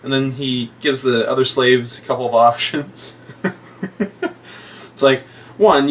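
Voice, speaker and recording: A man's voice: medium pitch, a bit bright. A young man casually retelling a film's plot, quoting characters in funny voices and laughing often. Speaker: podcast co-host. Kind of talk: casual movie review chat. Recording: distant mic with faint noise.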